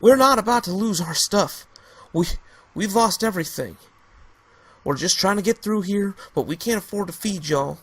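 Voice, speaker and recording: A man's voice: high-pitched, expressive, normal speed, a bit bright, breathy edge, voice pushed up, full character voice. A man doing a hot-tempered angry survivor. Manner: agitated, defiant.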